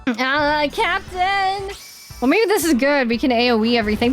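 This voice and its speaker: A woman's voice: high-pitched, moderate pace. A woman streaming gameplay, reacting with dramatic yelps and groans of frustration. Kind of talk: live gameplay commentary. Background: faint game music.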